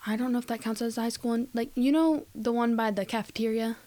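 Teen girl rambling about her day, says like a lot, kinda high voice. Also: steady tone, fast talker, dark tone. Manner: rambling, lots of likes and ums. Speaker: co-host, child. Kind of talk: casual family podcast chat.

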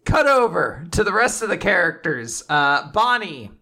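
Lively man recapping with quick voices. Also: high voice. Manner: animated recap with quick put-on character voices. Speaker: podcast co-host recapping manga. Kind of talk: casual chat.

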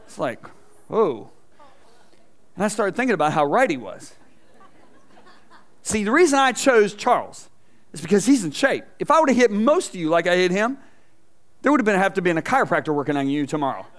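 A middle-aged man preaching an energetic sermon to a congregation, telling stories with acted-out voices and swinging between loud and soft. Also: high voice, a little fast, pauses often. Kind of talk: energetic sermon with stage demonstration. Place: church stage before a congregation.

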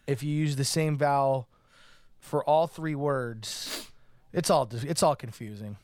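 A man's voice: medium pitch, measured pace, a little mellow, no echo, studio quality. A man co-hosting a podcast, playful and goofy in casual chat, swearing for laughs. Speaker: podcast co-host.

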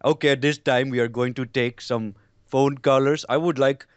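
A man's voice: mid-range voice, steady tone, normal speed, clean tone, no room sound, muffled recording, lightly acted. A man playing a naive, overly polite talk show host with a put-on Indian accent, speaking in stiff, formal phrasing in improvised comedy. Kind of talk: improvised comedy role-play.

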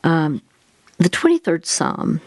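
A woman's voice: deep voice, big pitch swings, slow pace, a little mellow, no room sound. A woman hosting an advice talk, patiently guiding a caller step by step. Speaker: host giving faith-based advice.

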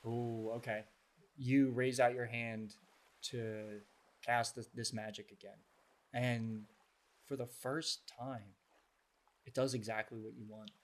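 A man's voice: mid-range voice, level tone, slow, long pauses. A man narrating a tabletop game as game master, describing scenes in detail. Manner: descriptive, evenly paced narration.

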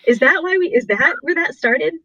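A woman co-hosting a podcast in casual chat, agreeable and quick to laugh. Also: sits high, lively intonation, pushed and bright, dull audio. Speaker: podcast co-host.

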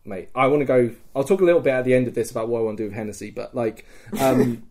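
A man hosting a podcast, telling a story in casual chat, excited and rambling with lots of fillers. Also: mid-range voice, very fast. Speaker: podcast host.

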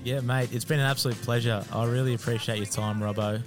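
A man's voice: medium pitch, fairly even intonation, quick pace, music in the background. An Australian man hosting a casual podcast interview, friendly and affirming, with short replies. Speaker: podcast host.

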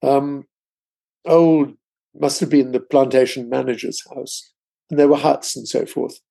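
A man's voice: medium pitch, steady tone, unhurried, creaky, mellow, breathy edge. An older man, a guest author, telling a long anecdote in conversation, rambling with many asides. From England. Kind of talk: storytelling in conversation.

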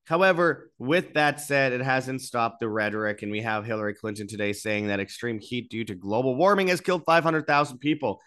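A man hosting a political commentary show, reading out articles and mocking them, with emphatic bursts and slow drawled key words. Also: medium pitch, fairly bright tone, clean tone. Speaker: host.

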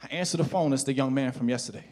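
A male pastor preaching a storytelling sermon, swinging between hushed, intimate passages and loud, shouted exhortation. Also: mid-range voice, very fast.

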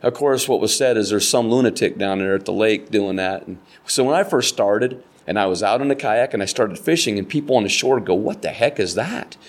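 A man's voice: lowish voice, brisk, few pauses. An older American man, a kayak fishing guide, telling stories in a casual interview and acting out the voices of people he quotes. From United States. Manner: animated storyteller, acts out quoted voices.

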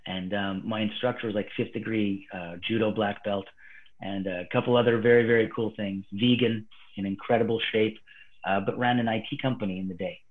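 A man, a martial arts guest, telling a story animatedly and swinging between hushed and excited delivery. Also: lowish voice, a little fast. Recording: phone-like remote call line.

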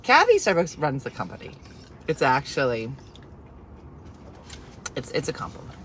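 A woman telling a comic story in an animated, exasperated way, with sarcastic asides. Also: extremely low pitch, moderate pace, background noise.

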